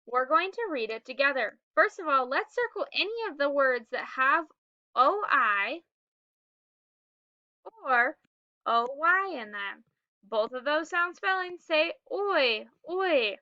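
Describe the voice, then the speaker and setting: A woman teaching a phonics lesson to young children, slowly sounding out words and cueing the class to read and spell along. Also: high voice, very animated, sharp tone, no room sound, lo-fi sound. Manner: slow, clearly sounded-out words with prompting cues.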